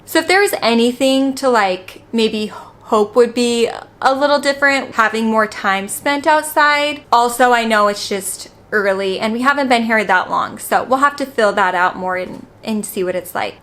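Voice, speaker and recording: A woman chats casually to her viewers as a mother and vlogger. Her voice sits a bit high for a woman. She rambles comfortably, filling gaps with "like" and laughing easily. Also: fairly bright tone. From United States. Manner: chatty, with frequent "like" fillers and easy laughter. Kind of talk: casual chat to camera.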